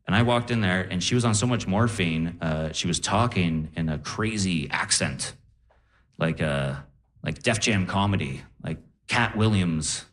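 A young man doing a stand-up set on a live stage, telling animated stories and quoting people in voices. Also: low voice, unhurried. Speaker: stand-up comedian.

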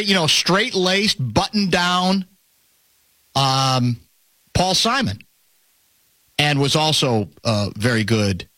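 Guy hosting talk radio, kinda high voice, bright and dry, keeps restarting his sentences. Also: no echo. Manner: animated, rambling, self-interrupting. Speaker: radio show host.

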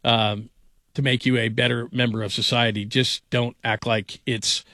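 A middle-aged man hosting a sports talk show, chatting casually and telling animated stories. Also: mid-range voice, moderate pace, no echo, clean studio sound.

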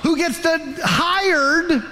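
A man pastor preaching a sermon, telling a Bible story with animated emphasis. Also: very high voice, extremely slow, long reverb tail.

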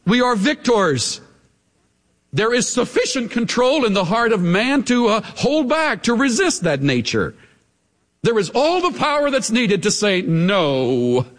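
Dramatic preacher man, lively pitch. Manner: dramatic swings between emphatic highs and hushed lows. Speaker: pastor. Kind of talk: radio broadcast sermon. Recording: long hall reverb from a live sermon.

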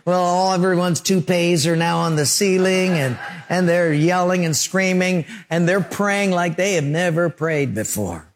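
A man preaches in a somewhat high voice. He is an earnest pastor who carries his radio sermon through vivid stories. He leans on repetition to drive home each point. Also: measured pace, few pauses. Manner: earnest, storytelling, emphatic repetition.

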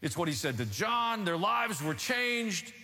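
A man preaching a sermon, telling the story in an animated, emphatic way with rhetorical asides. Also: high voice, a little slow. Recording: long hall reverb.

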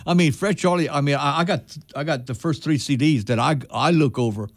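Halting radio host, dry sound. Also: male voice, fairly high pitch, dry recording. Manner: halting, repeats his words and restarts often. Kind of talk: casual radio interview. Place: radio studio.

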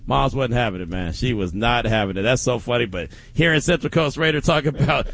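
A middle-aged man hosting a sports radio show, chatting casually and telling stories in an animated way. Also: on the high side, fairly quick, hardly any pauses, no room sound. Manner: animated storytelling with laughs.

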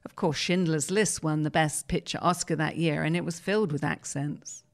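Woman presenter, lowish voice, measured article reading. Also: steady tone.

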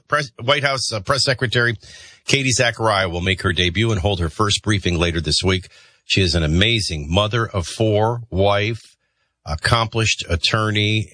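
A man hosting a morning radio show in a casual, joking way, his voice bright and a little husky. He moves between headlines and callers with easy chatter. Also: fairly low pitch, dry recording. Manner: chatty, jokey asides. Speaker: morning talk radio host.

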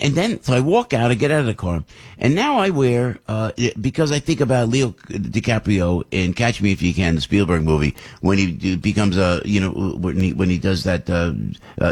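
A man's voice: on the low side, breathy edge. An older man, host of a talk show, telling a rambling story in casual chat with many restarts and asides.

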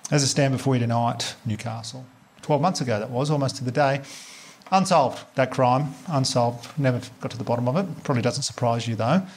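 An Australian man in his thirties doing a stand-up comedy set, telling a story quickly and acting out the dialogue. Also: medium pitch. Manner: fast storytelling with acted-out dialogue. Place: live comedy venue before an audience.

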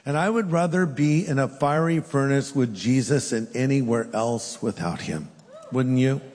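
A man preaching a sermon, telling scripture stories with animated emphasis. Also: medium pitch, normal speed. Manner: animated storytelling, voices scripture characters. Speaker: pastor. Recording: long hall reverb.

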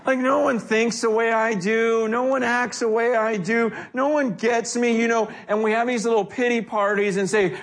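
Animated high-voiced male preacher. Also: normal speed. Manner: conversational, animated, restarts and acted quotes. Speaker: pastor. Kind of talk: sermon.

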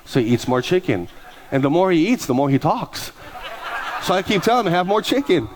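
A middle-aged man, a pastor, preaching a sermon through lively personal stories and acting out the people he quotes. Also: high-pitched, fairly quick, background noise. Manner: animated, acts out quoted voices, laughs at his own stories. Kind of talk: sermon storytelling.

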